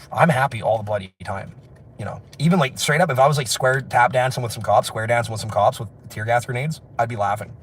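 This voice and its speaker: A man rambling through a livestream while walking city streets outdoors, excitable and laughing, his voice hoarse from screaming. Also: mid-range voice, normal speed, a little hiss or hum. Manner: excitable, laughing, shouting bursts.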